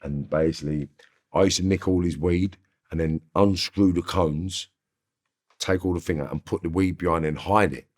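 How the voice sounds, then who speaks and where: A man with a very deep, low London voice tells his stories in loose, slangy street talk. He is an interview guest and talks casually, picking up energy as he recounts things. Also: fairly even intonation, moderate pace. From Northwest London. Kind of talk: casual storytelling.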